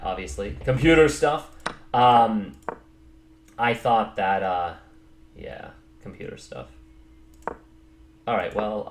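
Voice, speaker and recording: Man, own voice, casual rambling chess recap, self-mocking, roomy echo, faint noise. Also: fairly low pitch. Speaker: chess player reviewing his own game. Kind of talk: casual game recap commentary.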